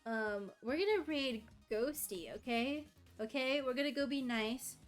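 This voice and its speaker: A woman's voice: high-pitched, measured pace, soft background music. A woman live-streaming casual chat, rambling, swearing and laughing at herself, tired and overheating. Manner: rambling, self-deprecating, swears and laughs often.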